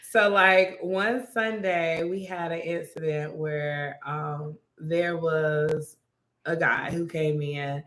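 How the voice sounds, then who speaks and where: A young woman, a restaurant manager, telling a story in casual chat and acting out the quotes in an animated way. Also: lowish voice, slow pace. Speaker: restaurant manager and podcast co-host. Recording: echoey room.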